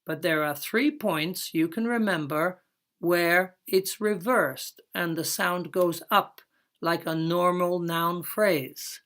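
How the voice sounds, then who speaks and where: A woman with a lowish, somewhat bright voice teaches English in a recorded lesson. She works through it step by step, explaining slowly and carefully and lengthening her example phrases.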